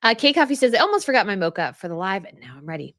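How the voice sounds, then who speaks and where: A woman's voice: mid-range voice, very animated, rapid-fire, a bit bright, no room sound, clean studio sound. Chatty woman hosting a livestream. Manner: chatty, rambling, laughs often. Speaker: royal news channel host. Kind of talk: casual livestream chat reading viewer comments.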